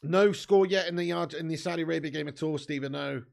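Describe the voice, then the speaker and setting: A young man hosting a live football watch-along, joking and swearing, breaking into shouts when chances come. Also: fairly high pitch, fast, gravelly. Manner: banter-filled, swearing, jokey, bursts into shouts at chances.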